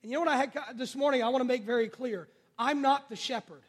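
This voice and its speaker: A pastor preaching a sermon in church, calling out questions to the congregation and swinging between loud and hushed. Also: male voice, extremely high pitch, quick pace, in a large hall. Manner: call-and-response preaching, rising and falling in volume.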